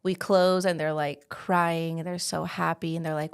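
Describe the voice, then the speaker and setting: Gravelly low-voiced woman telling a story. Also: little pitch movement, a little slow, few pauses. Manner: chatty storytelling with frequent "like" fillers. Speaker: realtor, guest. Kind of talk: casual interview talk.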